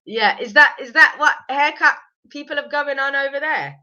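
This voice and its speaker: This woman, slightly sick with a cold, talks through a reality show in a chatty, judgmental way, ready to ridicule. Her voice is high, expressive, and sharp, captured with dull audio.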